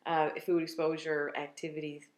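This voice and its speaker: A woman's voice: low-pitched, little pitch movement, moderate pace, crowd noise. A woman co-host giving upbeat, practical tips to parents in a casual chat. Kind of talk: informal parenting talk. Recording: echoey room.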